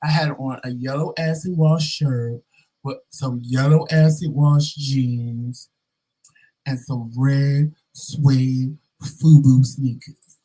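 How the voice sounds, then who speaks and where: A man vlogging, telling a story in a casual, animated and sassy way with dramatic asides to his viewers. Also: medium pitch, slow pace, poor audio.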